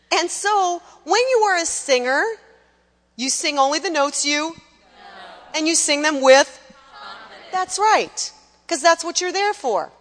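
A woman coaching worship singers in a lively teaching talk, now and then singing a short line or mimicking someone. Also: sits high, in a large hall. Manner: animated, sings short demonstration lines, mimics people.

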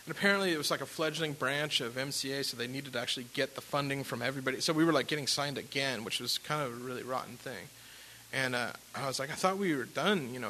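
A man's voice: on the high side, low-quality recording. A man casually telling a rambling personal story as a musician, with lots of fillers and restarts. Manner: rambling, animated, with fillers and laughs.

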